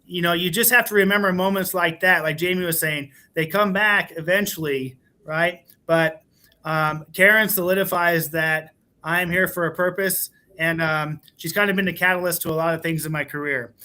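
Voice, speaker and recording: Bright-voiced earnest male educator. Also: a little high, steady tone, moderate pace. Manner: earnest, warm storyteller with fillers. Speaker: school administrator guest. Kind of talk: casual panel storytelling.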